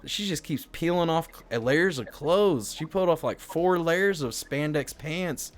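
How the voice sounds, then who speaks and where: A man's voice: on the high side, lively intonation, measured pace. A man telling a rambling, crude story on his live stream, peppered with swearing and filler words. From Indiana, US. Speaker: livestreamer.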